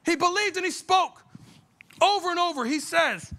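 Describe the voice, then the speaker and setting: A middle-aged man preaching with a very high, bright voice. He drives his points hard with blunt, folksy phrasing and rhetorical questions to the congregation. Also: expressive, normal speed. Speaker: pastor. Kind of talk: sermon.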